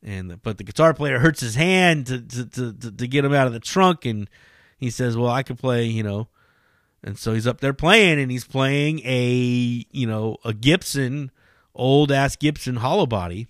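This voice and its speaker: A man hosting his own podcast, rambling and swearing with excitable energy in a casual solo monologue. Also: mid-range voice, normal speed, dry recording, clean studio sound. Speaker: podcast host.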